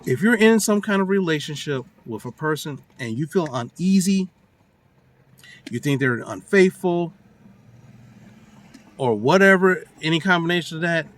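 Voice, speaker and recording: A man with a somewhat high voice vents into his phone, recounting a friend's relationship trouble. He slips into quick impressions of the people involved and talks in loose, slangy sentences. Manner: animated storytelling, acts out quotes, casual slang. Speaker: vlogger giving relationship advice. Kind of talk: casual rant to camera.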